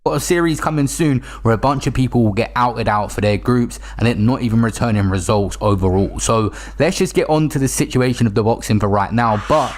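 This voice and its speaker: A man's voice: mid-range voice, fairly quick, hardly any pauses. A man narrating a commentary video in a dismissive, matter-of-fact way. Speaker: online commentator.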